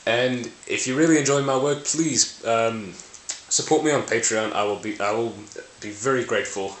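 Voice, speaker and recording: A man's voice: mid-range voice, normal speed, a bit bright. A man explaining language ideas to camera in a casual, playful way, often correcting himself and laughing at his own slips. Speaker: language video host. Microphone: camera mic. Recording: roomy with faint hiss.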